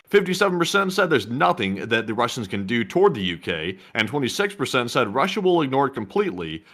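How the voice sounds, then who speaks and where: A man co-hosting a war news show, reading poll results and giving his opinion in a casual, joking way. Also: medium pitch. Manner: jokey, lively delivery with fillers. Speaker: co-host.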